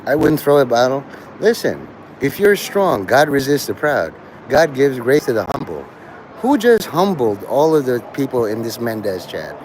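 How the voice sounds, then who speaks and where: A man's voice: medium pitch, big pitch swings, moderate pace, darkish tone, slight background noise, rough recording. A man hosting a livestream, talking to his chat in a crude, rambling way and laughing at his own jokes. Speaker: livestream host.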